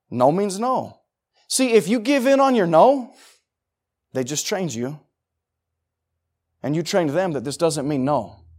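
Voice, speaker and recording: Middle-aged male pastor, high voice, emphatic conversational sermon delivery with repeated phrases. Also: a little mellow.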